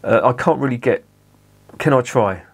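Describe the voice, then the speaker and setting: A man's voice: mid-range voice, normal speed, vocal fry, slightly rough. A man chatting casually at home as he reviews a beer, often correcting himself. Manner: chatty, self-correcting, swears at the camera.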